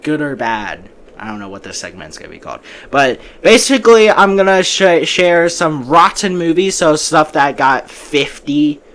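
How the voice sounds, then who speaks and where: A man's voice: on the high side, very animated, normal speed, fairly bright tone. A man hosting a casual movie podcast, giving breezy opinions and often restarting his sentences. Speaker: podcast host.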